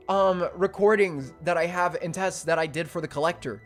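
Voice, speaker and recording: A young man streaming casually as an animator, rambling with fillers and swinging from low mumbles to loud, excited yelps. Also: normal speed. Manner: rambling with many fillers and restarts. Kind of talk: casual livestream chat. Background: faint music.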